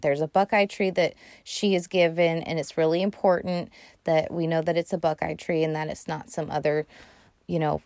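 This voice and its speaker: A chatty woman podcast host, retelling a story with sarcasm and casual swearing. Her voice sits fairly low for a woman, and the sound is dry and close, with no room around it. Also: a little mellow, no echo. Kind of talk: casual movie recap.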